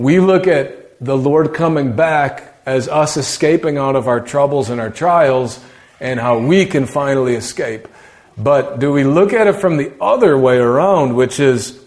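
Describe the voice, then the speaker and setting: A man preaching a sermon in a conversational way, asking rhetorical questions and often dropping his voice low for emphasis. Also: a little mellow.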